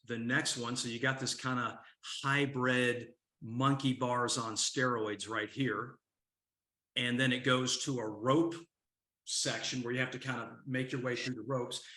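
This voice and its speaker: A man's voice: mid-range voice, sharp tone, echoey room. An older man, a coach, telling a story and asking the audience questions in a motivational talk to a men's group.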